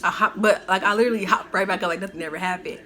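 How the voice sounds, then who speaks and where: A woman spins a story for her vlog in an easy, chatty storytime. Her voice sits at a medium pitch. She talks in animated, slangy bursts full of "like" fillers. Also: very fast. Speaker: vlogger telling a story. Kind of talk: casual storytime.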